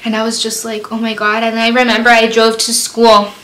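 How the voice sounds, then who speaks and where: A woman's voice: on the high side, completely flat delivery, fairly quick, a bit bright, slight background noise. A young woman vlogger telling a storytime in a chatty way, full of fillers, acting out her own panicked quotes. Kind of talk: storytime vlog. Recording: echoey room.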